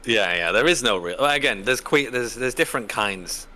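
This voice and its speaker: A man chatting as a guest on a live stream, rambling and animated with many restarts. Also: mid-range voice, normal speed. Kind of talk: casual live-stream chat.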